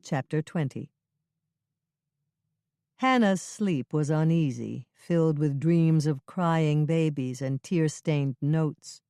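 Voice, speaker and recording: An audiobook narrator reading a cozy mystery in an even, measured way. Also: medium pitch, smooth, dry recording, studio quality. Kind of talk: scripted narration.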